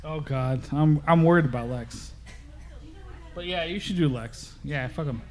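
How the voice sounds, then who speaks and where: A man co-hosting a podcast in casual, excitable chat, laughing often. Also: on the high side, unhurried. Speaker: podcast co-host.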